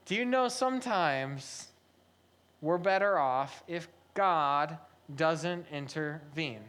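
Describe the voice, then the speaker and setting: A man's voice: a little high, takes it slowly, a bit bright, smooth. A man giving a sermon as pastor, telling a family story conversationally with light humor.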